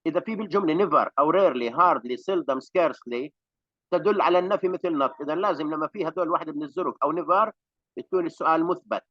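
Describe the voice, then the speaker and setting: Male teacher, a bit high-pitched and fast, dull dry lo-fi audio. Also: no echo. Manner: switches to rapid explanations between slow examples. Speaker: English teacher. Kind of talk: online class teaching.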